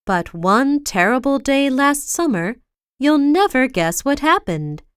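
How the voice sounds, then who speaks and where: A woman reading a children's storybook aloud in a slow, expressive way, with big swings for effect, on a close mic. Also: high voice, slight background noise.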